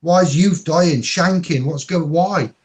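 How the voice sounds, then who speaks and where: A man's voice: a little high, unhurried, darkish tone. A man on a panel talk, emotional and rambling, swearing now and then. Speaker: panel guest. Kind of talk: impassioned panel chat.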